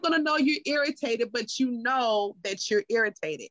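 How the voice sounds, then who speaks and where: A woman who teaches, talking in a lively podcast conversation, often laughing and acting out the people she quotes. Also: on the high side, normal speed, few pauses, dry recording, low-quality recording. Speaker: teacher and guest.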